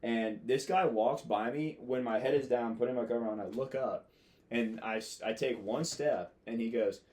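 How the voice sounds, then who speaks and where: A young man in his twenties from the United States, a Marine officer guesting on a podcast, chats casually in a mid-range, darkish voice at a moderate pace. His stories ramble, with heavy filler and frequent swearing.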